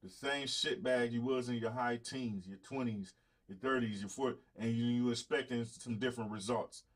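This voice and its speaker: A man in his thirties hosts his own show in a casual live-stream. He speaks with a mid-pitched voice. He lectures his viewers bluntly and addresses them directly. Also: moderate pace. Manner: blunt, preachy, talks straight to viewers. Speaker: show host.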